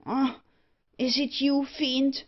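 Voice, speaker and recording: A woman's voice: high voice, level tone, takes it slowly, lo-fi sound, pitched above the performer's own voice. A woman voicing an anguished young male captive. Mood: frantic. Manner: pleading, overwrought.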